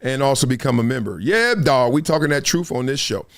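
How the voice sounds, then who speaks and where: A middle-aged man hosting his own live show, talking in an animated, casual way, acting out quotes and laughing often. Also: medium pitch, fairly quick. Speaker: host.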